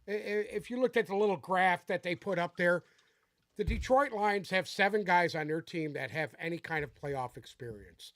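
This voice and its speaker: Male podcast co-host, high voice, emphatic profane ranter, dry close sound. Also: moderate pace, fairly bright tone, no echo. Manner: profane, emphatic, exasperated rants. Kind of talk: casual sports debate.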